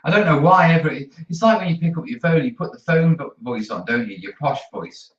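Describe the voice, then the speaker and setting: A man's voice: fairly high pitch, animated, a little fast. A man, hosting a live hobby stream, chatting easily to viewers while he works. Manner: chatty, easygoing, talks to viewers while working. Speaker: terrain-building channel host. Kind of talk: casual chat during a live studio stream. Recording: roomy, distant, dull mic.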